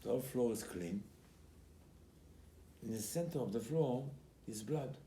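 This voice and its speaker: Animated rabbi, warm voice, roomy sound. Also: male voice, mid-range voice, measured pace. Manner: animated storyteller who acts out quoted speech; emphatic, repeats key phrases. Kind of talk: Torah class. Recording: roomy recording with faint background noise.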